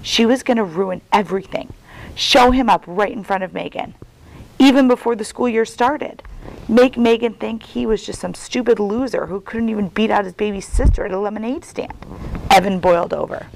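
Gravelly-voiced woman reading a children's story. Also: mid-range voice, moderate pace, rough recording. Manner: expressive storytelling. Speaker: guest reader. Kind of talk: reading a children's novel aloud.

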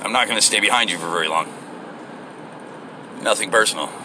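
Profane, rambling man talking while driving, bright edgy tone, faint engine noise. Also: fairly low pitch, brisk. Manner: rambling, profane, frequent fillers. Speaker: vlogger. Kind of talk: casual driving rant. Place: inside a moving car.

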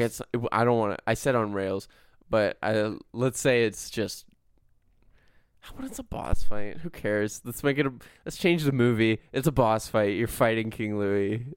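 A man's voice: medium pitch, clear, resonant tone, dry recording, studio quality. A man co-hosting a casual podcast chat, rambling enthusiastically with many fillers. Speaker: podcast co-host.

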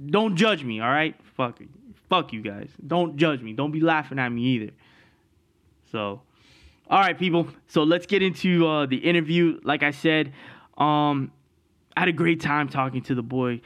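A male podcast host talks loosely into his mic, cursing freely. His fairly high voice leaps and falls as he tells his tale, and he often breaks into laughter. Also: normal speed. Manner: animated, profane, laughs through his story. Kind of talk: casual storytelling monologue.

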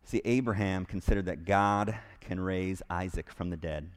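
A man's voice: deep voice, normal speed. A man preaching a sermon in a church to a live congregation, earnest and emphatic, repeating key phrases with frequent restarts. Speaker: pastor.

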